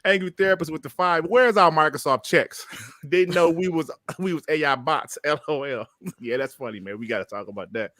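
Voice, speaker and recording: A man's voice: a little high, brisk, fairly bright tone, no echo, clean studio sound. A man hosting a casual gaming podcast, talking in slang, filling with "you know" and laughing often. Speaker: podcast host.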